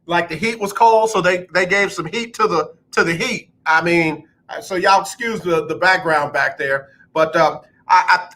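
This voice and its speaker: A man hosting a radio talk show, chatting casually and emphatically, rising loud when excited. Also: high-pitched, normal speed, hardly any pauses.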